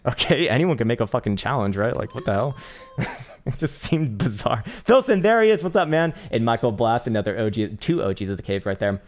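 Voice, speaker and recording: A man's voice: mid-range voice, lively intonation, fast talker. A man casually analyzing trading charts on a live stream, rambling, swearing freely and laughing as he reads viewer messages aloud.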